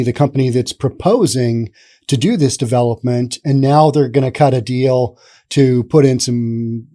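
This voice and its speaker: A man's voice: mid-range voice, dark tone. A man hosting a news commentary show, talking casually and rambling with sarcastic asides.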